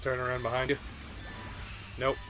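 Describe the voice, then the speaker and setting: A man's voice: flat delivery, moderate pace, a bit bright, soft background music. Dry, sarcastic young man playing a game. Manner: dry, sarcastic, drops voice low for jokes. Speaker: let's play commentator. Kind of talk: casual gaming commentary.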